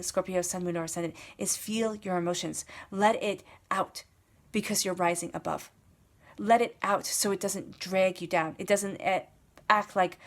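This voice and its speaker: A woman giving a casual tarot reading, talking straight to the listener in an encouraging way and repeating her phrases. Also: mid-range voice. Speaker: tarot reader.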